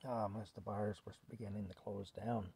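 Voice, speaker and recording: A man's voice: lowish voice, steady tone, normal speed, creaky, dark tone, husky, no room sound. A man casually telling a rambling story at home, with chuckles and fillers. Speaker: vlogger telling stories.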